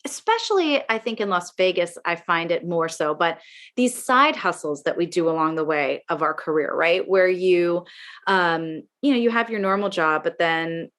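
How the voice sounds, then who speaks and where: A woman's voice: lowish voice, expressive, moderate pace. A middle-aged woman performer chatting as a podcast guest, rambling with plenty of fillers. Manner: rambling, lots of fillers, warm praise. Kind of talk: casual chat.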